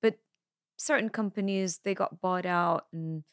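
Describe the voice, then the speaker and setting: A woman's voice: fairly low pitch, a little slow, clean tone, no room sound, clean studio sound. A woman hosting an interview, chatty and encouraging, prompting her guest with questions. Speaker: podcast host, interviewer. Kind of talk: casual interview.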